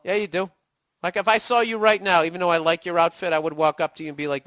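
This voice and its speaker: Profane, sharp-voiced man ranting. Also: high-pitched, steady tone, quick pace, no room sound, studio quality. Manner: profane, sarcastic, mock-insulting. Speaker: podcast host. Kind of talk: casual comedic rant.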